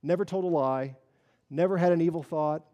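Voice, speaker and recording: A man preaching a sermon as pastor, earnest, moving between quiet solemn stretches and emphatic rises. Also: a little high, brisk, big-room sound, lo-fi sound.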